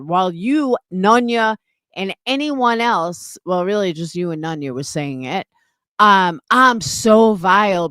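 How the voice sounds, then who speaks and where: Thirties woman streamer, heated and indignant, swears freely, measured slow pace. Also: mid-range voice, a bit bright, dry recording, studio quality. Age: 30s. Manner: blunt, profane and indignant. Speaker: live streamer. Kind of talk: heated live-stream rant.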